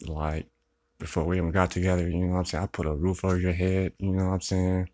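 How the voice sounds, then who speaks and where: A man's voice: low-pitched, little pitch movement, quick pace, a little mellow. A young man venting in a rambling, profane monologue, upset and close to tears, repeating himself often. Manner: rambling, profane, repeats "you know what I'm saying".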